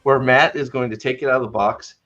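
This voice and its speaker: A man's voice: medium pitch, fairly even intonation, brisk, a bit bright, muffled recording. A man hosting a podcast in a casual, sarcastic rant, stumbling over his words as he mock-retells scenes. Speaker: podcast host.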